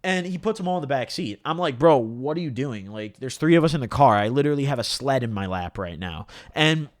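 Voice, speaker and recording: A young man spins a story to camera in loose, slang-heavy talk, his pitch leaping up and down as he goes. The sound is dry and close, with no room around it. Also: fairly quick, dry recording. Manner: slangy, animated, lots of "dude" and "bro". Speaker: vlogger telling a story.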